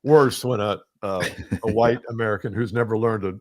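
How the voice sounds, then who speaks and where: A man with a fairly low voice co-hosts a sales podcast and asks measured, probing questions. The sound is dry and close. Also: fairly even intonation, darkish tone, no echo. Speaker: podcast co-host. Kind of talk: casual sales podcast chat.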